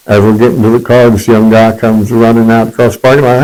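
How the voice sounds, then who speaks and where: A man's voice: lowish voice, flat delivery, fast talker, hardly any pauses, darkish tone, low-quality recording. A man telling his personal testimony in a rambling, conversational way, correcting himself as he goes.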